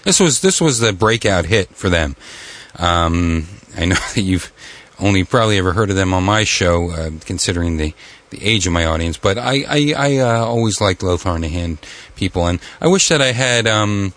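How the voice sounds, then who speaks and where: A man hosting a comic talk show, wisecracking and halting, with many fillers and restarts, often jumping into loud, high, exaggerated voices. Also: animated. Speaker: radio show host.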